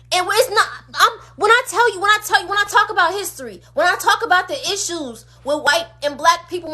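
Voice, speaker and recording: High bright-voiced woman ranting passionately. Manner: emphatic, repetitive rhetorical questions. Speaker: streamer. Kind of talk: impassioned livestream rant. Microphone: phone.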